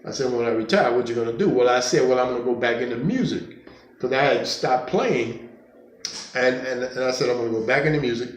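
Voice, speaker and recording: A man in his fifties from the United States, casually telling stories about his life as a conga player, halting and rambling with many fillers and restarts. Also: mid-range voice. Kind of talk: casual storytelling. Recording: echoey room, faint background noise.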